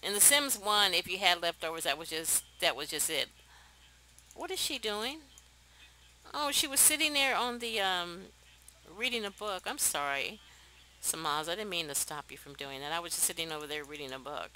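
A young woman talks her viewers through a life-sim game in casual commentary. Her voice is very bright and forceful, and her pitch bounces all over the place. She is chatty and excitable and often breaks into laughter. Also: moderate pace, a little hiss or hum, low-quality recording. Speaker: let's play host.

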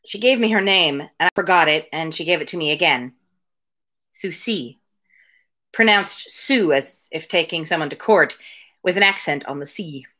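A woman reading a novel aloud from her home on a daily livestream, her voice pitched slightly low. She moves between the narration and casual, chatty asides addressed to her viewers. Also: lively intonation, normal speed, sharp tone. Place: home room with window blinds.

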